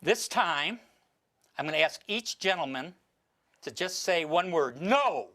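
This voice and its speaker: A man on stage works a live audience through a mentalism routine, his voice sitting a little high. He talks in a showy, instructing way, often restarting his sentences mid-thought. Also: expressive, measured pace, sharp tone. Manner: theatrical, gives instructions, stumbles and restarts.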